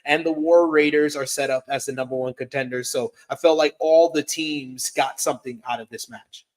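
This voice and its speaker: A man's voice: medium pitch, fairly even intonation, normal speed. A man co-hosting a casual review show, recapping events in a conversational way. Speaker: podcast co-host. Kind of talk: casual wrestling review chat.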